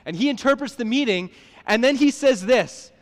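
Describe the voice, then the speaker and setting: High-voiced man preaching in a reverberant church. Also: animated, moderate pace. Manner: conversational, asks the listeners questions, restarts words. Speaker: pastor. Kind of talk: sermon. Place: church sanctuary. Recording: long hall reverb.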